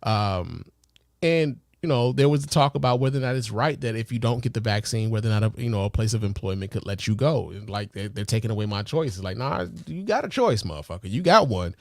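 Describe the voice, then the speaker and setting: A man hosting a podcast in a loose, casual way, swearing often, filling pauses with fillers and asking the listener rhetorical questions. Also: lowish voice, darkish tone, no echo, clean studio sound. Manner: loose, profane, heavy with fillers. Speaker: podcast host.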